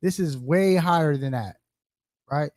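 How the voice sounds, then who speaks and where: A man with a slightly high, slightly slow voice and a darkish tone leads a group scripture study as interactive sermon teaching. He asks questions, calls on listeners, repeats their answers, and drops slang and rhetorical "right?"s.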